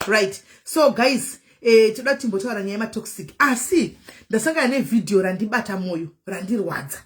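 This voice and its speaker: A woman host who talks fast and casually to her viewers. She flips between Shona and English mid-sentence in a chatty, unscripted flow. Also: mid-range voice. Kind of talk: live chat show talk.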